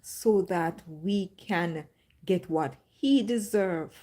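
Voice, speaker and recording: Woman host, slow-paced faith testimony, storytelling with re-enactments. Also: on the low side, mellow. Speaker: livestream host.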